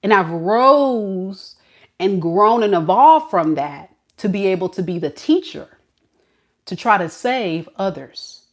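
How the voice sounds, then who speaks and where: Woman tarot reader, slow, preachy and colloquial, mid-range voice. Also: medium pitch, expressive. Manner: preachy, colloquial, drawn-out emphasis. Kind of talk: casual talk to camera.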